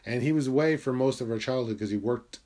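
A young Connecticut man talks quickly and bluntly about his own life, like he's confessing. He curses without holding back and now and then slips into quiet, low-voiced asides.

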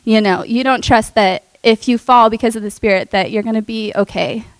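A woman's voice: fairly high pitch, fairly quick, dry recording, low-quality recording. Earnest young woman sharing a testimony. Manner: earnest and emotional, with many "like" fillers and soft laughs. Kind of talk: personal testimony.

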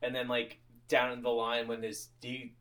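A man talking casually on a podcast about a film he has just watched. He is animated and profane, drops into silly quoted voices and breaks into laughter, at an ordinary pitch. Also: measured pace. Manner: animated, swears freely, acts out quotes with laughs. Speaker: podcast co-host. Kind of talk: casual movie discussion.

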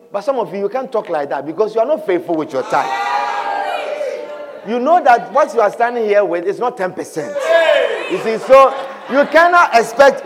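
A man preaching a sermon in a lively, animated way, with a strikingly high voice. His words ring out across a long church reverb, with a faint congregation audible behind him.

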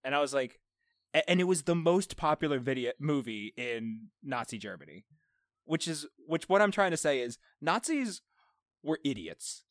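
A young man co-hosts a casual movie podcast, laughing and joking as he tells stories. His voice is fairly high with big pitch swings at a normal speed, recorded with clean studio sound and no echo.

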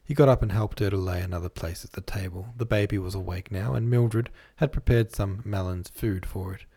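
A man reading a classic novel aloud as a podcast host, in measured literary narration. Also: sits low, steady tone, mellow, husky. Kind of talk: scripted narration.

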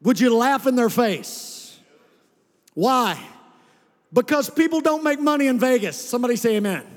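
A male pastor in a church sanctuary delivers a sermon in a loose, conversational way, now and then calling on the congregation to respond. His voice sits very high for a man. The sound carries a long reverb from the hall. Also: animated, moderate pace. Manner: conversational preaching with calls to the congregation.

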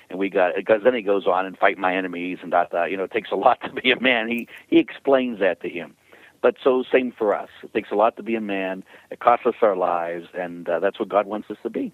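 A man's voice: low-pitched, no room sound. A man who is a priest and author, speaking as an interview guest in an emphatic, preacherly way. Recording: tinny phone line, dry.

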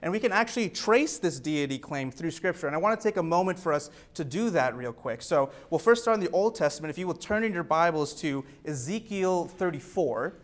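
A man's voice: on the high side, animated, brisk, hardly any pauses. A young man preaching an earnest teaching sermon, reading scripture aloud with rising emphasis.

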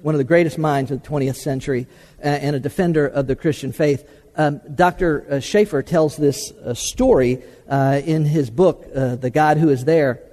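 A man preaching a teaching sermon, halting with many hesitations and repeated words, then pressing his points emphatically. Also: a little high, dark tone, in a large hall. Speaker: preacher teaching a class on the problem of evil. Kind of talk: sermon-style teaching talk.

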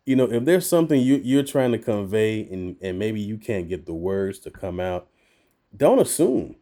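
A man who is a voice actor, telling stories as a guest in a casual podcast conversation, animated and quick to laugh. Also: on the low side.

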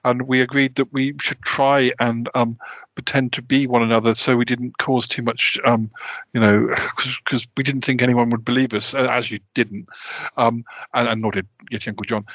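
A man hosting a podcast, rambling through a comedic skit in halting restarts. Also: medium pitch, fairly even intonation, fairly bright tone, no room sound, lo-fi sound. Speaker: podcast host. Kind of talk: comedic audio-drama banter.

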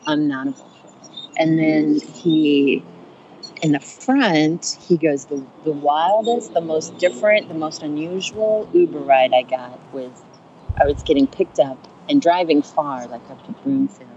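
A woman comedian telling a funny story on a podcast, chatty and animated, acting out the voices of the people in it. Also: low voice, a little slow, muffled recording, a little hiss or hum. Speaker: stand-up comedian and rideshare driver.

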